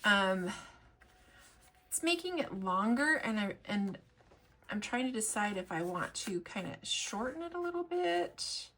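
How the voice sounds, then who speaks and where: A woman's voice: medium pitch, big pitch swings, measured pace, bright, forceful tone, slight background noise. Chatty woman explaining a collage project. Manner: chatty, rambling, lots of fillers and restarts. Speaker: collage artist and shop owner. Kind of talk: crafting tutorial.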